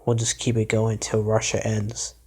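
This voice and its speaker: A man's voice: lowish voice, monotone, moderate pace, darkish tone. A man vlogging his reactions to a news clip, exclaiming and talking back at it indignantly. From Canada. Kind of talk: casual reaction commentary.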